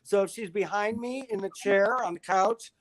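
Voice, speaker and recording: Older male guest, wry and self-deprecating, a touch high-pitched. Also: moderate pace. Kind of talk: casual interview chat.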